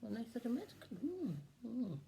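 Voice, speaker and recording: A woman's voice: fairly high pitch, big pitch swings, brisk, creaky, mellow. A woman playing a cheeky, gossiping nun in a chatty, improvised comic monologue, giggling often. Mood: giddy gossip.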